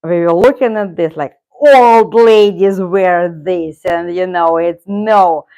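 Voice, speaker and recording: A woman's voice: lowish voice, takes it slowly, mellow. A middle-aged woman from Russia, a native Russian speaker, hosting a casual live stream with rambling, self-correcting talk and frequent chuckles. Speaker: channel host.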